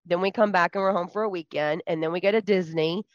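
Lady rambling on a podcast, kinda low voice, dry muffled sound. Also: fairly even intonation, quick pace, dry recording. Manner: teasing, chatty, rambling. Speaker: podcast co-host. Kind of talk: casual chat. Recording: dull lo-fi sound.

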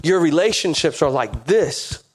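A pastor preaching a sermon with emphatic, repetitive phrasing. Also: male voice, a little high, lively intonation, measured pace, slightly rough.

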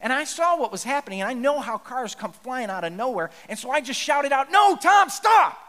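A male pastor delivers a conversational sermon in a fairly high, slightly bright voice, earnest and plainspoken, animated and quick. He often stumbles and restarts mid-sentence, and a large hall adds a long reverb.

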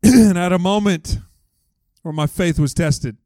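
A man preaching a sermon as pastor, telling a story in an animated way and acting out other people's voices. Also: sits high, a little slow, dry recording. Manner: animated, acts out voices in stories.

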